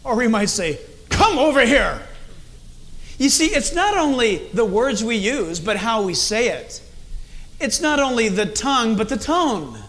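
Lively high-voiced middle-aged male pastor. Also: measured pace. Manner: animated preaching, acts out tones of voice. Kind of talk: sermon.

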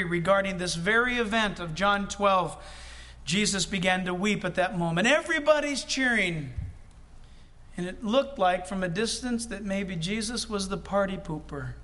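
A man's voice: high-pitched, fairly bright tone. A male preacher delivering a sermon, reading scripture aloud and breaking off into conversational asides to the congregation.

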